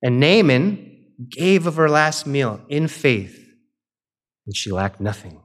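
A man's voice: fairly high pitch, big pitch swings. A man preaching, who retells scripture in casual everyday speech and acts out the quoted characters. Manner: slows and softens into a quiet, drawn-out litany near the end. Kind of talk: sermon.

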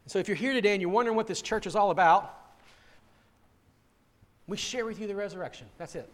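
Guy preaching a sermon, pretty high voice, earnest, keeps restarting with "I, I". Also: fast talker, fairly bright tone. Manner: earnest, direct address to listeners, repeats words when starting phrases. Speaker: pastor.

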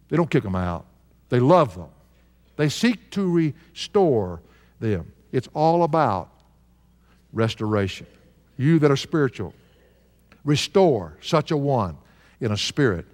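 A sixty-something pastor with a mid-range, slightly mellow voice tells a story from the pulpit. He chuckles now and then while pressing his points earnestly, and a long hall reverb surrounds the recording.

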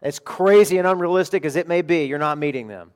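Middle-aged male pastor, slightly higher-pitched, emphatic animated sermon delivery with hushed asides. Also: fast talker, clear, resonant tone. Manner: animated, emphatic preaching with sudden quiet asides.

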